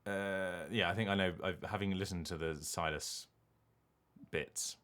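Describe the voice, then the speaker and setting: Deep-voiced man rambling on stream. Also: measured pace, clean tone. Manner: rambling, animated, thinks aloud. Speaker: streamer and voice actor. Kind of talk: casual gaming stream chat.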